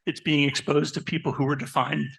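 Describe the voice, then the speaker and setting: Husky, forceful man talking to an audience. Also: a little high, fairly quick. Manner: animated, asks the audience questions; personal anecdotes, conversational. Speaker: therapist giving a talk. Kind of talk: live presentation to an audience.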